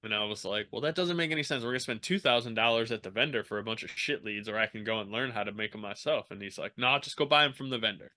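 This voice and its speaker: A man telling his own story as a podcast guest, casual and animated, swearing freely and acting out the people he quotes. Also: on the low side, quick pace, few pauses.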